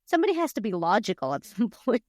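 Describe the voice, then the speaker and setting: A woman co-hosts a casual book podcast at a middling pitch. She rambles through plot points with plenty of fillers and acts out the characters' lines in quotes. The sound is close and dry. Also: sing-song, fast talker, a little mellow, no room sound. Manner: rambling, filler-heavy retelling. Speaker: podcast co-host. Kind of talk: casual book review chat.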